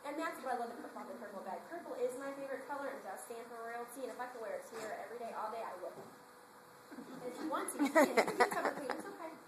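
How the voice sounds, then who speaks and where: A woman giving a chatty sales pitch at a meeting, telling stories and asking the audience questions. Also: animated, quick pace. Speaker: sales director recruiting at a meeting. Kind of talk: animated sales presentation to a group. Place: meeting room before an audience. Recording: echoey room with noise.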